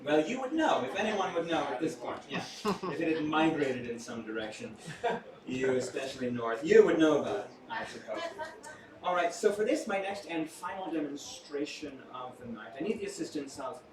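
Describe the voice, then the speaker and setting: A man with a fairly high, animated voice, at normal speed, performs stage mentalism live for a small crowd. His patter is playful and theatrical, with joking asides to the audience, and he is captured far from the mic in an echoey room amid audience noise.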